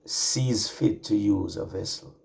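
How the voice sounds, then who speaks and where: A man from the Caribbean islands preaching an online sermon, slow and drawn out, repeating his phrases. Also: lowish voice, vocal fry, a little mellow.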